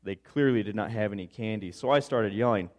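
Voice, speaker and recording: A man preaching a sermon, telling stories in an animated, chatty, playful way. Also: fairly low pitch, brisk. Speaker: pastor. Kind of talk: conversational sermon storytelling.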